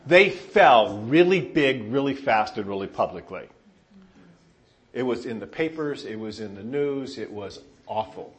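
A male pastor from Southern California preaching a sermon, telling animated stories with self-deprecating humor to a congregation. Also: mid-range voice, a little slow.

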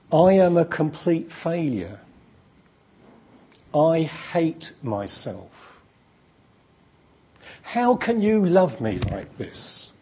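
A man's voice: mid-range voice, darkish tone, husky, heavily acted. A man acting out a repentant young man full of self-hatred, in a despairing, self-pitying way.

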